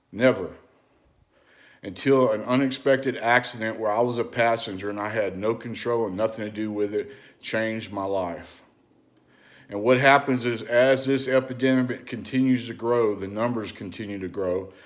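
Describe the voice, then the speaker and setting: A man hosting his own video channel, talking straight to the viewer in an impassioned, repetitive way. He swings between loud urging and low, confiding asides, and keeps asking rhetorical questions. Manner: preachy, asks the listener rhetorical questions. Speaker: vlog host. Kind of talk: impassioned direct-to-camera monologue.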